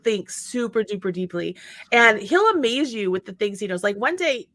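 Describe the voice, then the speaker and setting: Bright, lively woman telling a family story. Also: medium pitch, normal speed. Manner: animated storyteller acting out quotes. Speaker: host. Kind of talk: casual chat.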